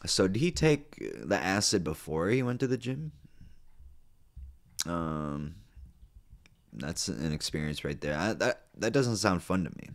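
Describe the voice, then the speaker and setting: A man with a deep, low-pitched voice reads an online story aloud as host. He keeps stopping to add playful, sarcastic remarks. His delivery is loose and casual, full of ums and uhs. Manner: playful, sarcastic, many fillers. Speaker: host reading and reacting to online stories. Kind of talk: casual read-aloud with joking asides.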